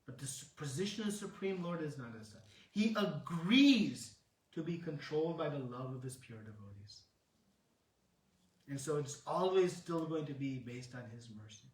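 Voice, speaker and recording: A man giving a devotional sermon, retelling a sacred story in an earnest, explanatory way with dramatic pauses. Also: on the high side, animated, slight background noise. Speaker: speaker. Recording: roomy hall, distant mic.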